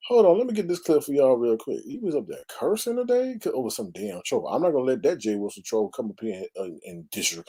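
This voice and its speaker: A man's voice: on the high side, warm tone, slightly rough. A man hosting a casual gossip commentary show, talking in a sassy, exclamatory way with dramatic asides. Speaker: commentary channel host.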